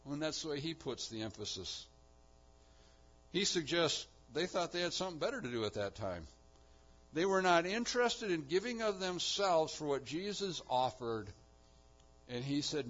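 A man preaching a sermon on a Bible passage, moving between quiet explanation and loud, emphatic peaks. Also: on the high side, lively intonation, moderate pace. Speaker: pastor. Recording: dull lo-fi sound.

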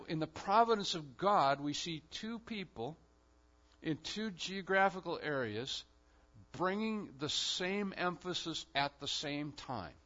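A man preaching a sermon as pastor, in an emphatic style with sudden loud swells. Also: fairly high pitch, muffled recording.

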